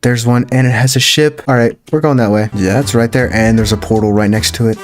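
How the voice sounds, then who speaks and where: A man giving let's-play commentary, excitable and thinking aloud as he plays. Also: mid-range voice, fairly quick. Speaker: gaming YouTuber. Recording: game music behind voice. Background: game music.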